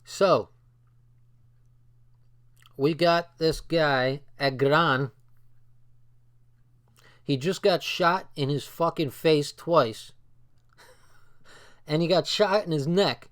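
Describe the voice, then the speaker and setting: A man's voice: a little high, very slow, long pauses, a bit bright. A man casually reading a book aloud and breaking off into loose, swearing asides. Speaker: book reader and commentator.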